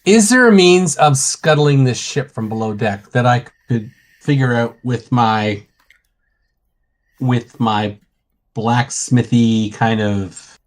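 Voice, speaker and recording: A man playing a tabletop game speaks in an ordinary mid-pitched voice. He talks casually and easily, often agreeing with the game master. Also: takes it slowly. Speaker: player.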